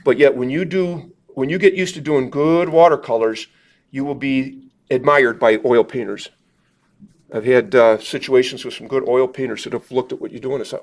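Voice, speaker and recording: A man's voice: mid-range voice, steady tone, moderate pace. A man teaching a live watercolor demonstration, chatting in a rambling, self-deprecating way with lots of fillers while answering questions from the group. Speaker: watercolor instructor. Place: meeting room at a club gathering.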